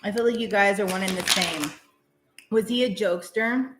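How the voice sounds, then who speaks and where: A woman's voice: mid-range voice, normal speed, heavy background noise. Woman doing a live tarot stream at home, rambly and chatty, lots of likes, echoey room. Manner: chatty, rambling, many fillers. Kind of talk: casual live-stream reading.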